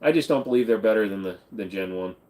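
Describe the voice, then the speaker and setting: A man's voice: fairly low pitch, fast, a little mellow. A man hosting a casual livestream Q&A, answering viewer questions in a blunt, offhand and joking way. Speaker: channel host.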